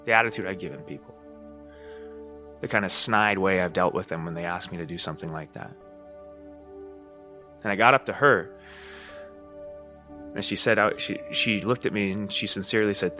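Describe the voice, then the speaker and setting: A man's voice: on the low side, moderate pace, pauses often, bright, forceful tone, soft background music. A man hosting a podcast, talking casually in a rambling monologue, swearing, laughing and often asking "you know what I mean?". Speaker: podcast host.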